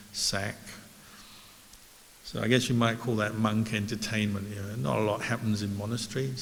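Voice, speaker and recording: A man with a low, fairly flat voice tells a relaxed, humorous story as a monk teacher. His voice carries a long hall reverb with a faint hiss. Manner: easygoing, anecdotal, gentle humor. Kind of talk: relaxed dharma talk storytelling.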